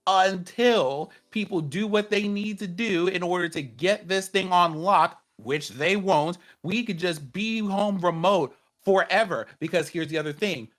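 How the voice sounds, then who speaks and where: A man's voice: sits high, unhurried, hardly any pauses, fairly bright tone. A man co-hosting a casual tech podcast, ranting emphatically with plenty of swearing.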